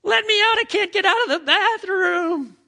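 A man's voice: very high-pitched, moderate pace, vocal fry, sharp tone, pitched above the performer's own voice, heavily acted. A man voicing a panicked three-year-old boy who is stuck in a bathroom and shrieking for help. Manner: shrieking, desperate.

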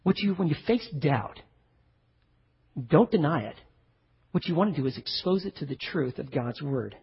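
A man preaching a lively sermon in a big hall, his slightly husky voice trailing off into a long reverb. The sound is dull and a bit muffled, like a church recording. He talks right at his listeners and slips into other people's voices as he tells a story. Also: fairly high pitch, normal speed. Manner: animated preaching, acts out quoted voices, asks the audience questions. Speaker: pastor.

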